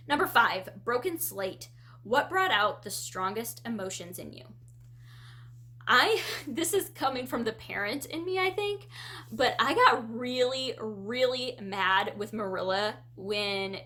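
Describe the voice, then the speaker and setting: A woman with a bright, somewhat high voice talks through a book tag in a casual vlog. She is animated and jumps into playful quoted reactions as she goes. Her tone is chatty and expressive. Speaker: book vlogger; parent.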